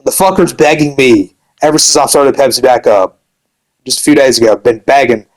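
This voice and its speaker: A man's voice: mid-range voice, a little fast, low-quality recording. A young man ranting angrily about another member of his gaming community, swearing heavily and saying "dude" constantly. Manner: heavy swearing, repeats dude. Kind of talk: angry rant.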